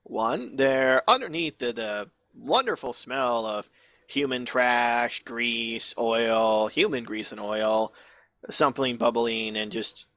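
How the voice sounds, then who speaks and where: A man's voice: medium pitch, takes it slowly, pushed and bright, no echo. A man narrating a tabletop game as game master, casual and rambling, swearing freely.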